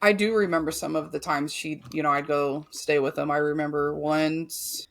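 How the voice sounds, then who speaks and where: A woman's voice: low voice, steady tone, normal speed, vocal fry. A woman guest on a podcast, telling a painful personal story candidly and bluntly, with frequent swearing and filler words.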